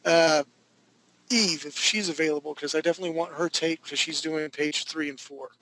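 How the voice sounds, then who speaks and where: A man with a fairly high voice teaches a live online art class. He rambles casually, jumping into jokey stories and quick asides as he goes. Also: fairly even intonation, noisy background.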